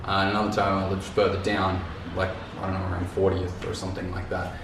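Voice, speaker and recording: A man's voice: deep voice, completely flat delivery, fairly quick, recorded from a distance. A man vlogging in a loose, rambling way, repeating words and dropping casual slang. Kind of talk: casual talk to camera. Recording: very echoey room, off mic, faint noise.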